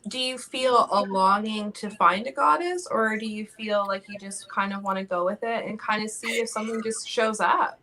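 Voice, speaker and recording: A woman's voice: medium pitch, normal speed, hardly any pauses, bright, forceful tone, rough recording. A woman co-hosting a casual talk show, speaking earnestly and reflectively. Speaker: co-host of a witchcraft talk show. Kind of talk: casual chat.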